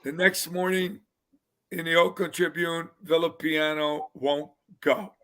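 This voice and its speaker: An older man, a retired football player, telling lively anecdotes as a guest on a casual fan show, often laughing and mimicking others. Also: a little high, measured pace.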